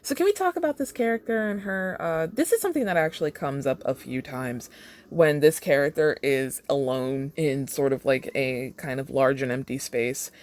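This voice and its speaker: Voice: medium pitch, normal speed, darkish tone. A podcast host reading fan fiction aloud and breaking off for wry, chatty commentary. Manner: wry, chatty asides with laughs.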